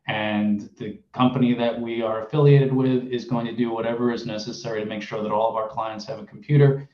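A man's voice: medium pitch, flat delivery, fairly quick, dark tone, echoey room, muffled recording. A man who owns a behavior analysis clinic, speaking earnestly and at length on a panel, with some emotion. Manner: earnest, emotional, long-winded. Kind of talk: panel discussion.

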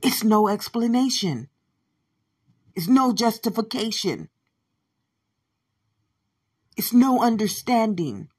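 A woman delivering a profane, repetitive monologue, shouting at times and muttering low at others. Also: big pitch swings, slow, pauses often, breathy edge. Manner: swears constantly, repeats phrases, swings from shouting to low mutters.

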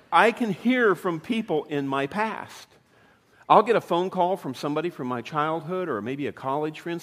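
Fifty-something male pastor, chatty sermon, slightly high voice, long hall echo. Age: 50s. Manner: conversational preaching with rhetorical questions.

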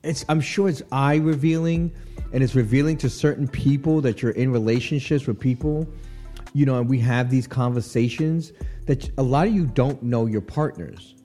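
In a radio studio with soft music in the background, a man gives casual on-air commentary, riffing on a celebrity breakup. He speaks at a moderate pace in a mid-range voice, animated and chatty, often laughing and repeating "you know what I'm saying".

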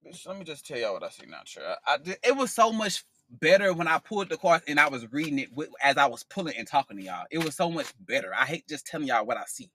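A man giving a casual tarot reading on his podcast, sassy and expressive, swearing freely. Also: on the high side, quick pace, few pauses, dry recording. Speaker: tarot reader.

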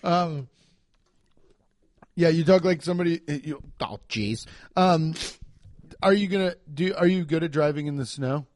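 A man co-hosting a casual comedy chat, riffing and swearing, with sudden loud bursts. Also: a little high, fairly even intonation, normal speed, pauses often. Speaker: podcast co-host.

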